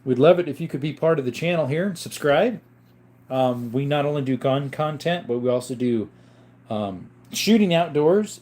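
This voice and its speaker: A man chats casually on his live stream. He welcomes viewers and reads their questions aloud. His answers wander easily, full of little fillers. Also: fairly high pitch. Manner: relaxed, rambling explanations with fillers.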